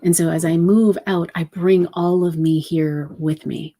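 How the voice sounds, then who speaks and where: Woman, low-pitched, warm mellow voice, spiritual channeling talk, meandering and reflective, gentle. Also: fairly even intonation, measured pace. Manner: meandering and reflective, many soft fillers. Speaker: numerology reader and channeler.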